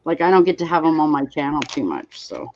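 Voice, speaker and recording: A woman's voice: sits low, big pitch swings, quick pace, warm tone, muffled recording, slight background noise. A woman hosting a live stream, chatting casually and reading out viewer comments as they come in. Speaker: livestream host.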